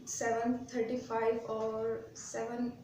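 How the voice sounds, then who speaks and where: A young woman, a student practicing spoken English, answering in halting, simple sentences with some giggles. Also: a little high, completely flat delivery, music in the background. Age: young adult. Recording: very echoey room.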